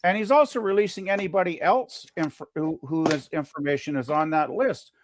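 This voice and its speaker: A man's voice: a little high, brisk, background noise. A man co-hosting a podcast in casual chat, rambling with lots of fillers and restarts.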